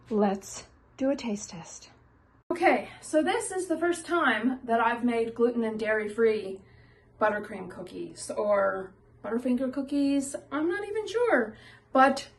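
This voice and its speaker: A woman's voice: a little high, creaky. An older woman chatting enthusiastically as she bakes and tastes cookies in a casual vlog. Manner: chatty and enthusiastic, tasting food on camera. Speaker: baking vlogger.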